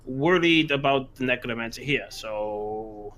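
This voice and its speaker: A man playing a tabletop game, excitable, stumbling over words and swearing. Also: mid-range voice, unhurried. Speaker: player. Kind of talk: casual tabletop game chat.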